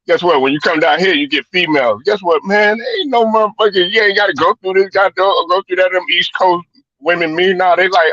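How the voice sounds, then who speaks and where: High-pitched, sharp-toned man. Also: a little fast, no room sound. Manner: loose, profane, rambling storytelling. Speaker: podcast host. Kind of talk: casual sports chat. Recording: dull lo-fi stream audio.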